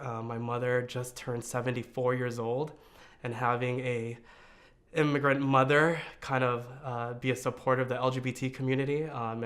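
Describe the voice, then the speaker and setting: A man's voice: medium pitch, fairly bright tone. Earnest man telling a personal story. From United States. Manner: reflective and earnest, with hesitant fillers and restarts. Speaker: storyteller sharing his coming-out story.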